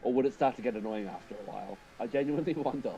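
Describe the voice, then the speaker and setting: A man's voice: mid-range voice, racing, vocal fry, mellow, muffled recording, a little hiss or hum. A man streaming a racing game, chatting casually and thinking aloud while he drives and answers his viewers.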